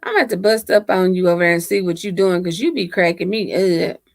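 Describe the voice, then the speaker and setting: Speaking quickly in a fairly low, creaky voice, a livestream host chats with viewers from home, laughing and teasing them through her laptop microphone. The sound is studio quality, with no room noise.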